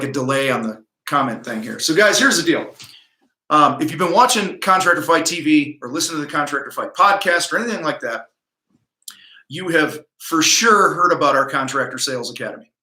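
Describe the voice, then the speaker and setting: A man's voice: on the high side, sharp tone, echoey room. A middle-aged man hosting a livestream coaching talk from his office, blunt, profane and pumped-up. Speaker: host. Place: home office.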